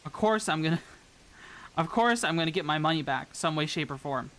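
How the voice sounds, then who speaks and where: Low-voiced yet fairly bright, this expressive VTuber streamer from the American South talks at a moderate pace. She rambles to her viewers in a chatty way while working on a model.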